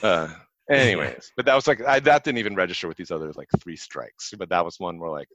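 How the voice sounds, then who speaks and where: A man's voice: deep voice, fast, no room sound, lo-fi sound. A man in a casual chat telling stories at length, animating the quoted people with jumps in his voice. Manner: animated storyteller, acts out quoted dialogue, frequent likes. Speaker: guest telling career stories.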